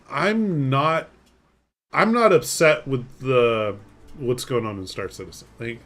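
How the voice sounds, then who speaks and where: A man's voice: mid-range voice, fairly bright tone. A man streaming a game live, chatting casually with a rambling, self-deprecating manner as he reads and answers chat.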